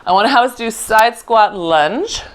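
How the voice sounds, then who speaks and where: A middle-aged woman teaching a Pilates mat class, giving quick encouraging cues and praising often. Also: fairly high pitch, expressive. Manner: encouraging, upbeat cues with frequent "good". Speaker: Pilates instructor. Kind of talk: live online class instruction.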